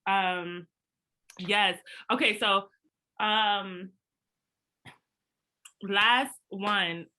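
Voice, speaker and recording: A young woman from Brooklyn, telling a story in casual chat, animated and slangy. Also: medium pitch, drawn-out words. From Brooklyn, USA. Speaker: book club host.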